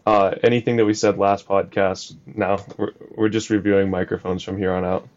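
A young man co-hosting a casual podcast chat, speaking in an even, flat tone that hides his jokes. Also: deep voice, normal speed, muffled recording. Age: young adult. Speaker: podcast co-host.

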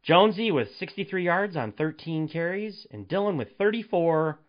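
A man hosting a solo sports podcast, ranting in an animated, exasperated way and firing off rhetorical questions. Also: on the high side, moderate pace, dull audio. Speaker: podcast host.

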